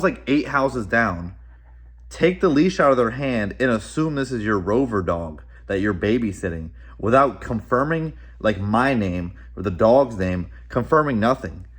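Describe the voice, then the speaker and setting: A young man vlogging from home, telling a story in a rambling, animated way, full of "bro" and "like". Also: medium pitch, slightly rough. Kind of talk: casual storytelling vlog.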